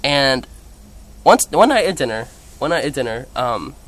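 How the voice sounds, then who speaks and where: A man's voice: medium pitch, moderate pace. Chatty young man telling a story. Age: young adult. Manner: chatty, animated, many "like" fillers; quotes others in playful voices. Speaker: vlogger. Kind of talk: casual storytelling vlog.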